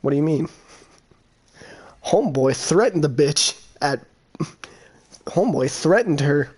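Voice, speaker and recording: Young man, slightly high, lively crude storyteller, casual voice chat. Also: a little slow, breathy edge. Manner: crude, animated storytelling, laughs often.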